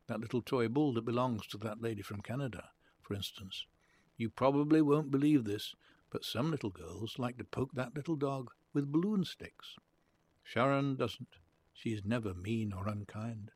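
A man reading aloud who plays an earnest, odd young man. The young man teases gently, then turns curt and touchy. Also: medium pitch, breathy edge.

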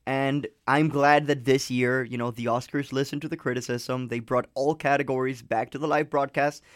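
A man co-hosting a podcast who talks in an animated, ranting way and laughs between phrases. His voice sits at a middle pitch. The recording is dry and close. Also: normal speed, no room sound. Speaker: podcast co-host. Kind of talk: casual chat.

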